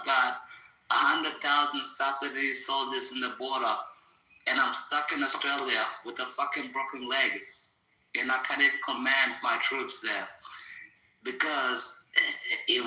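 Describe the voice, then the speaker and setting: A man's voice: mid-range voice, bright, forceful tone. A man teasing and joking brashly in a casual chat, swearing freely. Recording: roomy echo.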